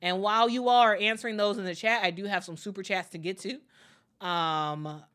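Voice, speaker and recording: A woman's voice: mid-range voice, fairly even intonation, moderate pace, fairly bright tone. A woman hosting a live stream, chatting casually with viewers, full of fillers and repeated words, upbeat when she thanks people. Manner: friendly, upbeat when reading viewer messages.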